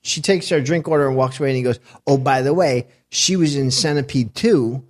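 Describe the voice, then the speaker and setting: Rambling mid-pitched man telling a story. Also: fairly quick. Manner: rambling storyteller, laughs easily. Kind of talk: casual chat.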